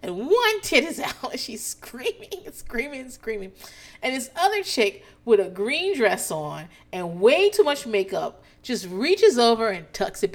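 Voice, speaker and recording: A woman recaps a reality show in a loose, casual way, her voice a bit high and swinging widely up and down. She curses freely and keeps breaking into laughter between her sentences. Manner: animated, profane, laughs often. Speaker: TV recap host.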